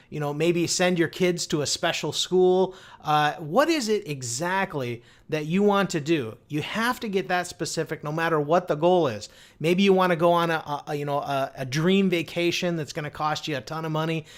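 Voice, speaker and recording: Man, high-pitched voice, upbeat motivational coach, rhetorical questions, filler words. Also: a bit bright. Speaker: online marketing coach. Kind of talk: direct-to-camera business advice.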